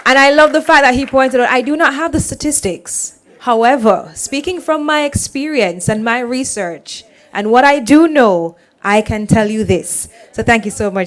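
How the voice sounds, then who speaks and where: A woman's voice: on the high side, unhurried, a little hiss or hum. A woman emceeing a live forum, upbeat and encouraging as she rallies the audience and introduces speakers. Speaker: event emcee.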